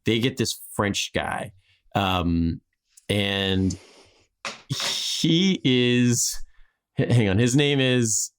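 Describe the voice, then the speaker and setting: A man's voice: on the low side, drawn-out words, long pauses, smooth. A man hosting a podcast, telling a history story in a rambling, casual way with frequent restarts and laughs.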